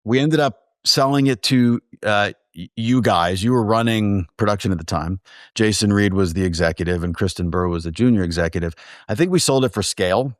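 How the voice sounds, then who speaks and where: A man's voice: lowish voice, fairly quick, no echo, studio quality. A man, a film producer, telling casual stories in an interview and acting out quoted dialogue. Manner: animated anecdotes with quoted dialogue.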